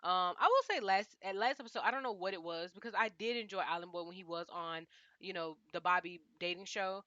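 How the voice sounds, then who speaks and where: A young woman recaps a reality show in an easy, slangy, animated way, often talking straight to the people she is discussing. Her voice is bright and forward. The recording is dry and close, with a slightly dull, lo-fi sound. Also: on the low side, brisk, no room sound. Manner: animated, chatty, slangy, frequently addresses cast members directly. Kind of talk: casual recap chat.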